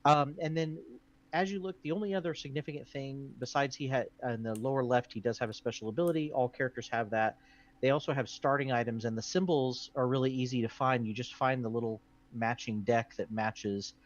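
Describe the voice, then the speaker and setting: A man's voice: mid-range voice, a little fast, muffled recording. A man hosting a board game stream, chattily explaining the rules with plenty of ums and uhs. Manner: chatty, with many fillers. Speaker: board game show host.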